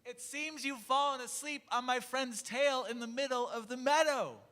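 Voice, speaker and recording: A man voicing a tiny, brave male mouse with a squeaky, high voice, polite and insistent, in an echoey church. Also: normal speed, sharp tone. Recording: echoey church hall, faint music.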